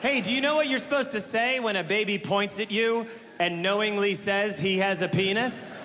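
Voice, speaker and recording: A man in his thirties performing stand-up comedy on a large theater stage, telling stories in an animated way with exaggerated voices for the people in them. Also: high voice, normal speed, background noise. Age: 30s. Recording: live hall reverb with crowd laughter.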